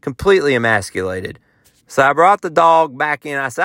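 A man's voice: on the high side, big pitch swings, normal speed, a bit bright, no echo, clean studio sound. A man hosting a podcast, telling a rambling, self-mocking story in a folksy, casual way. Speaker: podcast host and touring musician.

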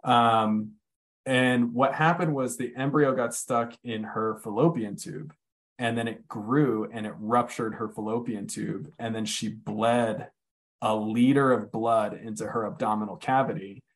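Telling a personal story openly in casual conversation, a man swears often, uses many fillers and slows down for the heavy moments. His voice is mid-range with fairly even intonation.

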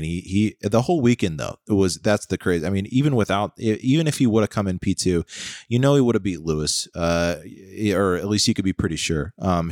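A man's voice: low voice, darkish tone, no room sound, studio quality. An American man in his thirties co-hosting a podcast, joking and rambling with lots of fillers. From United States. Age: 30s. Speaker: podcast co-host. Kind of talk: casual chat.

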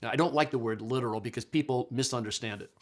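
A man's voice: medium pitch, fast. A middle-aged man giving a conversational lecture on Bible translation, explaining patiently with frequent fillers and restarts. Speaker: Bible scholar and teacher.

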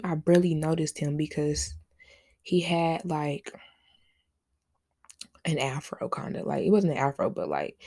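Gravelly-voiced young woman chatting casually. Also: sits low, mellow, no echo, studio quality. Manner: chatty, rambling, laughs often, slangy. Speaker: podcast host. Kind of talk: casual solo podcast chat.

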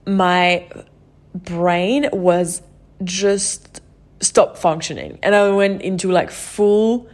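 A woman with a slightly lower-pitched voice shares a personal experience on her podcast. She speaks openly and emotionally, in a loose conversational flow with plenty of "like" and "you know". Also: extremely slow. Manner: open and emotional, heavy use of "like" and "you know". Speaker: podcast host. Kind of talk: candid personal storytelling.

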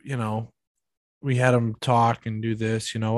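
A man's voice: medium pitch, little pitch movement, measured pace, no room sound. Man, podcast co-host, casual rambling chat, dry sound. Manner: rambling, filler-heavy.

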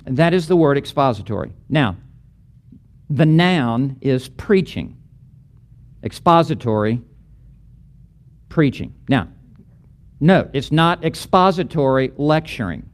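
A man's voice: medium pitch, very animated, slow, long pauses. A middle-aged man teaching a lecture on preaching, building emphatic, rhythmic lists of repeated phrases.

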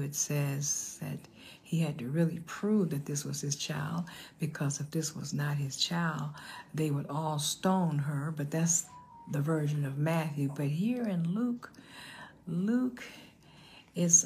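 An older woman preaching a sermon with a low, gravelly, husky voice. She tells a story at an unhurried pace and now and then sinks into a hushed whisper to stress a point. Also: a little hiss or hum. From United States. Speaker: pastor.

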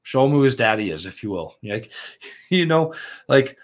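A young man co-hosting a casual sports podcast, telling excited stories with lots of "like" and some swearing. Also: mid-range voice, moderate pace. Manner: excitable, swears, animated storytelling. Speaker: podcast co-host.

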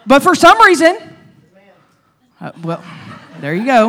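Animated, humorous woman pastor. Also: high-pitched, a little slow. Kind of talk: sermon.

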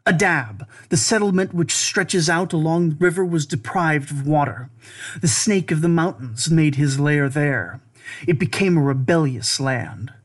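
Brief: male narrator, slightly higher voice, grave and deliberate recitation of an ancient lament.

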